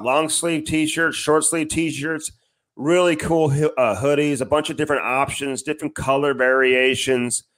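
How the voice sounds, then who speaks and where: A man co-hosting a podcast, chatting casually and reading sponsor ads, often tacking on "man". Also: a little high. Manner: breezy, says "man" a lot. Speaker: podcast co-host. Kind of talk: casual podcast chat and ad reads.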